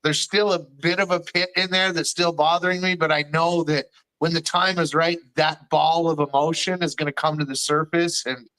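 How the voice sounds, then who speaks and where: A man co-hosting a podcast speaks in a reflective, encouraging way and often backs his partner up with short replies. His voice sits a bit higher than most men's. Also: fairly even intonation, normal speed, sharp tone, rough recording. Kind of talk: casual conversation.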